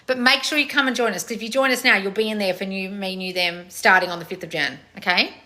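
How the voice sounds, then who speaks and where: A woman in her thirties, a channel host reading viewer comments in a loud, blunt, casual way and swearing freely. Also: mid-range voice, fairly even intonation, quick pace. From family of Croatian heritage. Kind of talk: casual live chat.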